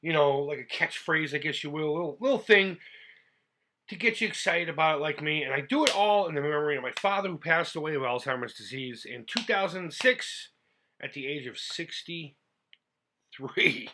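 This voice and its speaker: A middle-aged man from the United States hosts his retro gaming channel in a casual vlog. His voice sits a little high for a man. He talks in a chatty, heartfelt way, rambling and restarting his sentences. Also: animated, normal speed.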